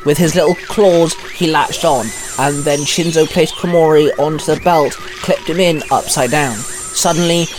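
A man's voice: on the high side, fairly even intonation, moderate pace, hardly any pauses. A man narrating a fan-written story, reading plainly with small stumbles and lightly voicing the characters.

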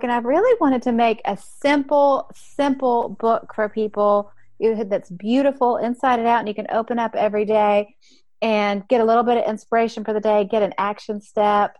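A woman with a Southern US accent, a guest author on a podcast who chats warmly and tells stories. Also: on the high side, no room sound. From American South. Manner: warm, chatty storyteller. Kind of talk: podcast interview.

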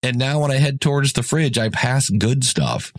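A man's voice: mid-range voice, expressive, normal speed, dry recording. A man hosting a casual solo podcast, chatty and rambling, often correcting himself mid-sentence. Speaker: podcast host.

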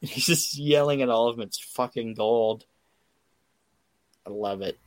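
A podcast host with a mid-range voice talks a little slowly, with no echo on the recording. He chats casually and excitedly through his stories, swearing a lot and acting out quoted lines.

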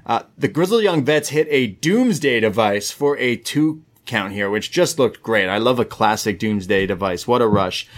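A man co-hosting a podcast, recapping a wrestling show move by move in casual chat with quick asides. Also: medium pitch, animated. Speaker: podcast co-host.

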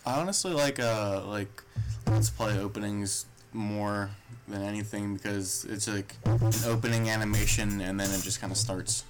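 Low-voiced man rambling on a podcast. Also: steady tone, moderate pace, soft background music, rough recording. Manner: rambling, swears often. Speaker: podcast co-host. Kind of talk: casual podcast chat.

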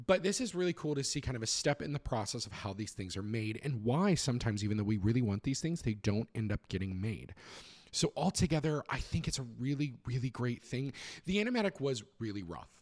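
Gushing male podcast host. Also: medium pitch. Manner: animated, gushing, filler-heavy. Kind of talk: casual recap and review.

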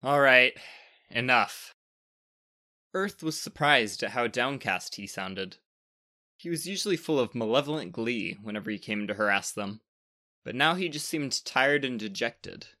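A man reading a storybook tale aloud with lively, expressive narration. His voice is bright and forward, at a middle pitch for a man. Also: normal speed.

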